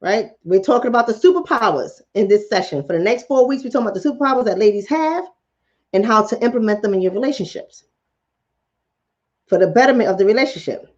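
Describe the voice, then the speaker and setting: A woman's voice: on the high side, expressive, quick pace, darkish tone, dull audio. A woman hosting a mental health livestream in casual chat, blunt and profane, talking straight to her viewers. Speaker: mental health talk show host.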